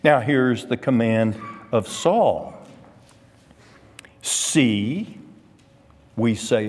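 A man's voice: mid-range voice, lively intonation, extremely slow, pauses often, in a large hall. A man teaching an adult Sunday school Bible class, stressing key words by drawing them out. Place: church classroom or hall.

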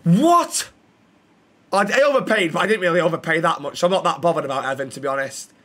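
High-voiced gaming commentator. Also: male voice, rapid-fire. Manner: chatty, excitable, banters with in-game figures. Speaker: gaming YouTuber.

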